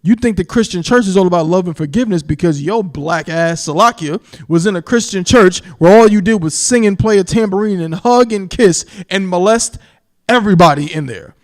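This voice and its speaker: A New York Bible teacher preaches commentary on a livestream in a fairly high voice. He's emphatic, keeps asking "you understand?", and drags out key words slowly. When he reads scripture, his cadence turns slow and solemn.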